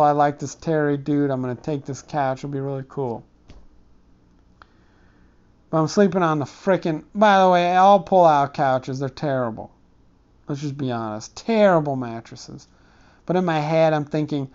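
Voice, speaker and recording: A man's voice: a little high, darkish tone, clear, resonant tone, dull audio. Rambling, profane man telling comic stories. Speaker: comedic storyteller. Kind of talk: rambling comic storytelling monologue. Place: dark room.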